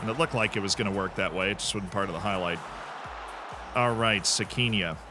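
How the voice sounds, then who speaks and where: A man's voice: on the low side, a little fast, music in the background. A man streaming a football management game, chatting casually, reacting to the match and answering his chat. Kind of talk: live gameplay commentary.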